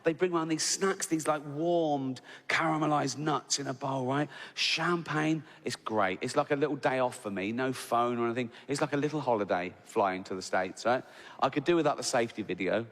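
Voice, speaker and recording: A man's voice: medium pitch, moderate pace, fairly bright tone. A middle-aged man doing stand-up comedy, chatty and swearing freely, tagging his lines with "right?". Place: large theatre stage. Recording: echoey theatre with faint ambience. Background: audience laughter.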